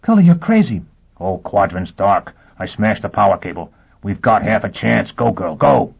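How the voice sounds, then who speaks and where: A low, husky male fugitive, blunt and urgent, clipped and rough, as a male narrator puts him on. The audio is thin and tinny, close to a phone line. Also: steady tone, normal speed. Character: desperate, brutal male escapee.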